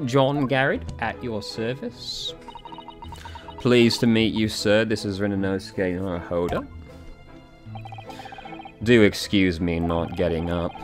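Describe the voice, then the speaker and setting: A man's voice: fairly low pitch, close to an everyday voice. A man voicing a blustering older retired soldier, hearty and pompous, full of old-fashioned phrases.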